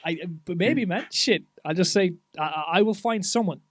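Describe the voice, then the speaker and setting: A man hosting a podcast, chatting loosely with casual swearing and lots of halting restarts. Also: sits high, a bit bright. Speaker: podcast host.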